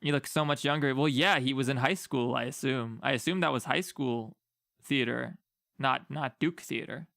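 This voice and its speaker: A man's voice: mid-range voice, normal speed, creaky, a bit bright, dry recording, studio quality. A man chatting casually on a livestream, rambling and easygoing with lots of fillers. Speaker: streamer.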